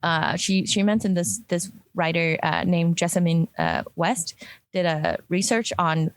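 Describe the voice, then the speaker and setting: A woman's voice: on the low side, lively intonation, a little slow, dry recording. A woman, a product designer, talking casually in a discussion, with lots of fillers and restarts. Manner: chatty, many fillers and restarts.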